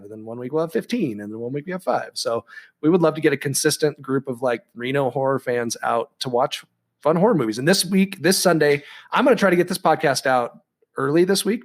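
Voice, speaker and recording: A man co-hosting a casual podcast, rambling and chatty with lots of ums and restarts. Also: on the high side. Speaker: podcast co-host.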